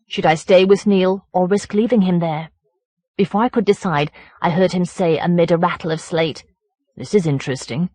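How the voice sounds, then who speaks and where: Measured woman reading a horror story. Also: fairly low pitch, mellow, no echo. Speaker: audiobook narrator.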